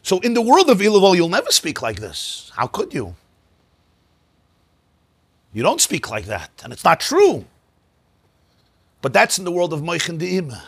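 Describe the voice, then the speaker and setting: Animated, high-voiced man teaching a class. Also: normal speed, vocal fry, slightly rough, dry recording. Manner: animated and emphatic, repeats words, mixes in Hebrew and Yiddish terms. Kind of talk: lecture on mystical texts. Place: synagogue.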